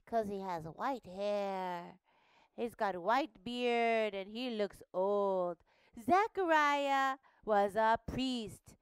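A woman teaching a Bible lesson to young children, asking questions and having them repeat words slowly. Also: medium pitch, clear, resonant tone, no echo, studio quality. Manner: animated, slow and questioning, prompts children to repeat. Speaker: Sunday school teacher. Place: studio.

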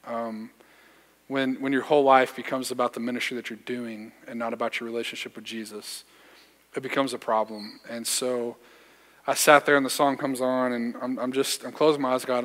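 A man's voice: medium pitch, steady tone, fairly quick, sharp tone. A young man, a youth pastor preaching a sermon, telling a personal story in a casual, slangy way with self-deprecating humor. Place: church sanctuary. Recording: church hall reverb.

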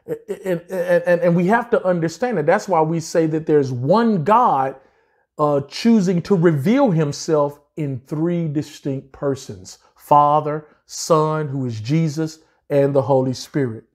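A man delivers Bible teaching in an emphatic sermon style. His voice sits a little high but sounds mellow and relaxed. He repeats key phrases and slows down to drive each point home.

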